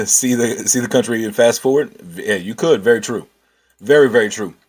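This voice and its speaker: A man's voice: lowish voice, moderate pace, breathy edge, faint music behind. A man hosting a casual livestream, thinking aloud and answering chat with many restarts.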